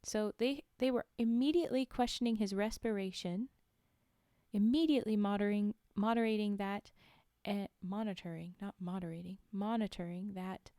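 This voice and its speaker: A woman's voice: medium pitch, moderate pace, mellow, no room sound, clean studio sound. A woman streamer reading a story aloud on a livestream, with chatty, giggly asides to her viewers.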